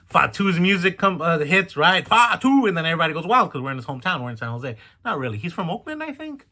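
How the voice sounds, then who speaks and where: Brief: male wrestling reviewer, high lively voice with cracks, chatty and incredulous. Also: fast talker. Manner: chatty, incredulous, rambling asides. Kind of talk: casual review vlog.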